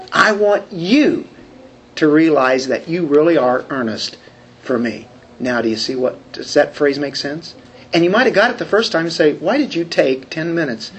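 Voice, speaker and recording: A man's voice: fairly high pitch, fairly bright tone, a little hiss or hum. A man preaching a sermon, talking conversationally and asking the congregation questions. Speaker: pastor.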